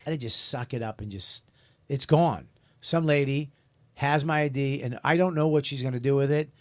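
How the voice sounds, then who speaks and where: Brief: male host, mid-pitched, animated comedic storyteller. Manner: animated storytelling, quick laughs. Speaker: radio show host. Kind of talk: casual comedic banter.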